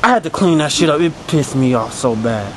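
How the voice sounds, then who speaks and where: A young adult student actor, in a parody sketch, plays a boastful, crude young killer narrating his story as a comic confession monologue. His natural mid-range voice is expressive and fairly quick. The background is noisy.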